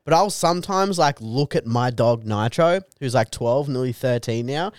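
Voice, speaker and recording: A man's voice: medium pitch, lively intonation, normal speed, dry recording, studio quality. A young man co-hosting a podcast, talking bluntly and with constant swearing in casual banter. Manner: profane, blunt, reflective. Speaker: podcast co-host.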